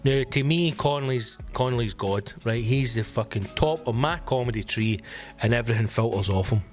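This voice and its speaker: A Scottish man hosting a solo comedy podcast, swearing and ranting in an excitable, animated way. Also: medium pitch, moderate pace, soft background music. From Scotland. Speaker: podcast host.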